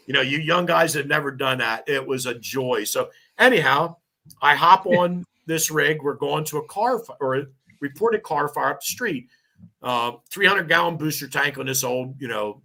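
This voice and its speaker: Gravelly fifties fire lieutenant, kinda high voice, telling rowdy stories and cracking himself up. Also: male voice. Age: 50s. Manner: animated, laughing, swearing storyteller. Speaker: podcast guest, firefighter lieutenant. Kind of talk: casual storytelling.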